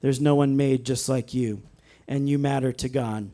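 A man preaching a sermon in a church, earnest and emphatic, slowing down to stress key phrases and reading scripture aloud. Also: mid-range voice, steady tone, mellow. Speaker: pastor.

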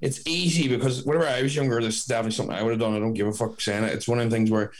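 A man's voice: mid-range voice, steady tone, very fast. A young man in casual chat, rambling and blunt, often correcting himself mid-sentence.

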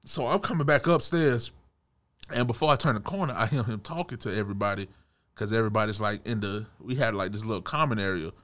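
A young man retelling a personal run-in in a casual storytime, animated, restarting his sentences and chuckling as he goes. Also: fairly low pitch, fast talker.

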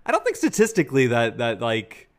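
A man's voice: mid-range voice, huge pitch swings, fairly quick. A man in his late twenties hosting a casual podcast chat, joking and asking leading questions. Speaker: podcast host.

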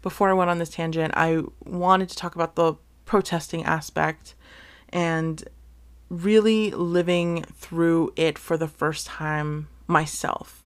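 An earnest woman hosts a casual solo podcast, unhurried and deliberate in her delivery. Her voice sits a little on the low side, and she talks with feeling, swearing casually and restarting her sentences. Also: steady tone, clean tone. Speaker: podcast host.

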